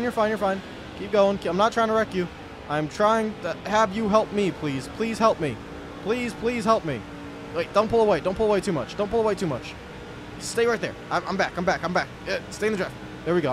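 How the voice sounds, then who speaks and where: Excitable young man narrating a racing game. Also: sits high, noisy background. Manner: excitable, yells when wrecked, mutters to himself. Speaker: gaming YouTuber.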